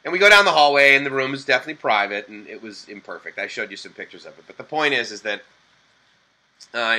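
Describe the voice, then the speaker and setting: A man's voice: lowish voice, low-quality recording. A man from the Boston area telling a rambling travel story to camera, full of fillers and self-corrections. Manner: animated quoted dialogue. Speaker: vlogger.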